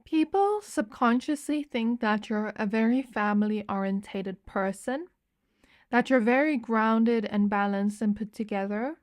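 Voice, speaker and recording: A woman's voice: on the high side, measured pace. Chatty woman giving a tarot reading. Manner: chatty, meandering, fillers and restarts. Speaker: tarot reader. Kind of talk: pick-a-card tarot reading.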